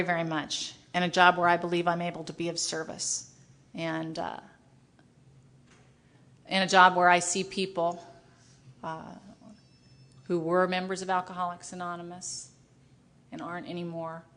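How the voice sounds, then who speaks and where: A middle-aged woman speaking at a recovery meeting, telling her story in an animated, self-mocking way and acting out the dialogue. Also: lowish voice. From United States. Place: meeting hall with a live audience.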